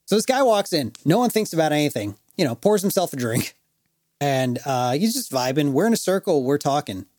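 Animated podcast co-host telling a story. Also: male voice, fairly high pitch, a little fast, no echo, clean studio sound. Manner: animated, laughing, full of fillers. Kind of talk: casual storytelling chat.

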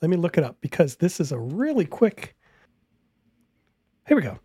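A man's voice: fairly high pitch, sing-song, normal speed, mellow, slightly rough, dry recording. A man commenting casually on a video he is watching, interrupting it with incredulous, laughing rebuttals.

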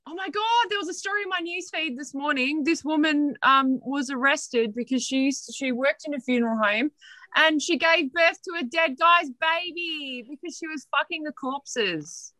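A woman co-hosting a casual comedy podcast who chats eagerly and jumps in with quick agreement. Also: sits high, pushed and bright, no room sound, rough recording. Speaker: podcast co-host.

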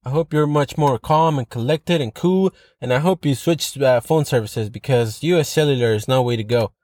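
A man's voice: medium pitch, normal speed, a little mellow, dry recording, clean studio sound. A man hosting a podcast, reading online posts aloud and ranting about them in a profane, sarcastic, rambling way. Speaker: podcast host.

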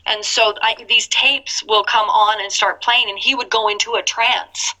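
A woman in her fifties, an interview guest telling her own story in an earnest, animated way with laughs between phrases. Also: mid-range voice, normal speed, low-quality recording. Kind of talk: candid personal storytelling.

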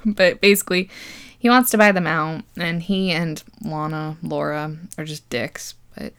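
A woman's voice: low voice, fairly even intonation, unhurried, fairly bright tone, clear, resonant tone. A young woman hosting a podcast, casually recapping a movie with sarcasm, frequent laughter and plenty of swearing. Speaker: podcast host.

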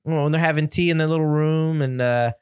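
A man talks through a movie on a casual podcast in an easygoing, good-humoured way. His voice sits a touch high for a man. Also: fairly even intonation, a little fast, smooth. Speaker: podcast co-host.

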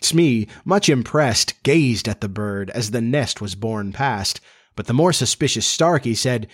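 A man narrating a children's storybook in a steady, measured reading voice. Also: mid-range voice, breathy edge.

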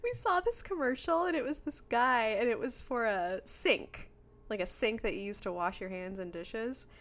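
A woman's voice: a little high, lively intonation, fairly bright tone. Chatty, giggly young woman co-host. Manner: chatty, giggly, quick to laugh. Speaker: podcast co-host. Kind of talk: casual chat.

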